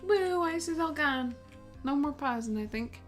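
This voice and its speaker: A woman's voice: sits high, animated, a little slow, soft background music. Giggly young woman gaming. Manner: giggly, playful. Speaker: let's play host. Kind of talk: casual gameplay commentary.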